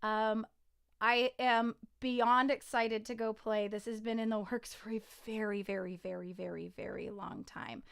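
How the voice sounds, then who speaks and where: A woman singer-songwriter chatting casually on a livestream, excitable and rambling, with frequent giggles. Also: a little high, unhurried, vocal fry, smooth.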